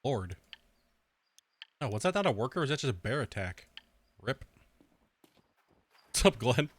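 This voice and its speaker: A man's voice: mid-range voice, big pitch swings, normal speed, breathy edge. A young man streaming a video game in casual chat, trash-talking with heavy profanity, laughing often and rambling with filler words.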